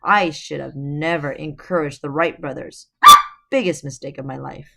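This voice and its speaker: A woman reading aloud and voicing a short, stout, elderly woman who is bossy and gruff, with a raspy voice. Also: sits low, normal speed, very noisy. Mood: gruff chatter. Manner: scolding, blunt.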